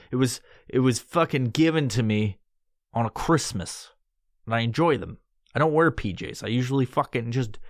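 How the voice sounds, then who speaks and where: A man with a middle-pitched voice rambles through a story of his own as a podcast host, swearing freely and trailing into restarts. The sound is dry and close, with no room in it. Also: no room sound. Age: adult with a son. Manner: profane, rambling, acts out his own panicked voice in high squeals. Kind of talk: casual storytelling.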